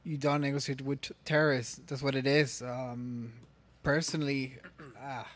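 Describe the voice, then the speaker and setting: A man's voice: medium pitch, level tone, fairly bright tone. A man who grew up in the Middle East, speaking hesitantly in casual chat as a podcast co-host. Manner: hesitant, halting, many restarts.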